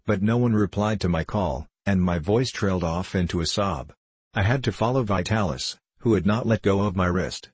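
A man narrates a novel in a calm, even manner. His voice sits very low and has a husky edge. The recording is dry and close. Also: normal speed, no room sound. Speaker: audiobook narrator. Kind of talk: scripted narration.

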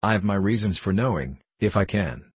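A man's voice: on the low side, animated, normal speed, husky, no echo. A man doing a sly, menacing dwarf. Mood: threatening. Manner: sly, menacing, hissing orders. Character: cunning, cruel male dwarf husband.

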